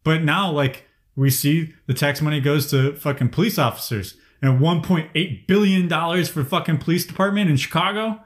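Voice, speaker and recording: A man's voice: a little high, normal speed, hardly any pauses. A man ranting angrily in casual conversation, swearing heavily as he vents. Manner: angry, profane ranting. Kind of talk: casual chat.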